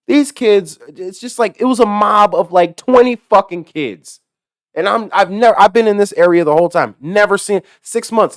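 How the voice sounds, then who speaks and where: Brief: male delivery driver, profane storyteller, big pitch swings, dry close sound. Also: dry recording. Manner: swears constantly, animated, laughs at his own story.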